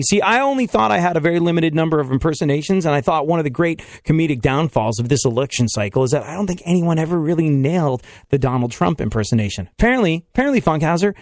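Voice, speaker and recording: A man's voice: on the high side, a little mellow, no echo, clean studio sound. A man hosting a radio show in casual chat, joking, laughing often and rambling.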